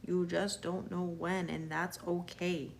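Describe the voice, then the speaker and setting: A woman's voice: fairly low pitch, little pitch movement, takes it slowly, gravelly, a little hiss or hum. A Canadian woman runs a live tarot stream, greeting viewers and answering them as she goes. Her talk is chatty and reassuring, and she often trips over and restarts her words. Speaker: tarot reader.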